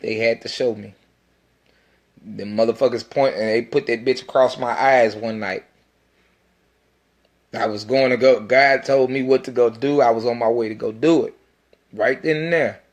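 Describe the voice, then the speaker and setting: An independent rapper speaks in a mid-range voice, delivering a casual, self-recorded monologue. He's intense and rambling, and his talk is packed with profanity.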